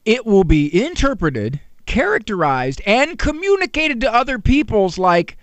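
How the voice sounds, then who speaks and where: A man's voice: very high voice, huge pitch swings, a little slow, no room sound. A middle-aged man hosting a radio talk show, chatting with a teasing tone and acting out the quotes he tells. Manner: conversational, teasing, acts out quotes. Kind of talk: animated radio monologue.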